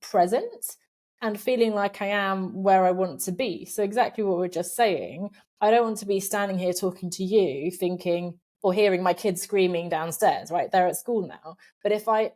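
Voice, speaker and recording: Lively, quick-laughing woman guest. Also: mid-range voice. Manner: lively, animated, laughs often, acts out inner voices. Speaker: podcast guest, career coach. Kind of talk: casual conversational interview. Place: home office.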